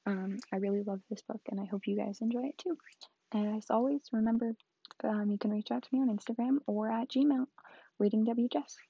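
A woman reading a storybook aloud in a soft voice that often drops to a whisper. Her tone is husky with a gravelly texture. The recording is dry and dull. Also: a little high, fairly even intonation, brisk, no room sound. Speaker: book reader.

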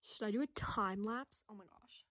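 This vlogger's voice is mid-range and fairly bright, moving at a normal speed. She crafts bracelets as she talks loosely to her audience, wandering off-topic with many fillers and jokes at her own expense.

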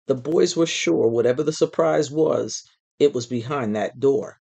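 A storyteller reading a children's book aloud in an expressive, measured way. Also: medium pitch, gravelly.

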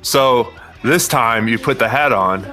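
A man's voice: mid-range voice, measured pace, sharp tone, soft background music. A young man narrating casually as game master, laughing and swearing freely.

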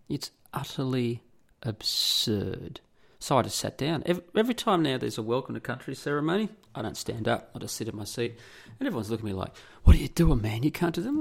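A man's voice: mid-range voice, lively intonation, moderate pace, vocal fry, slightly rough. An Australian man hosting a podcast, delivering an indignant, sarcastic and profane solo rant. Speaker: podcast host. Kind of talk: solo ranting monologue.

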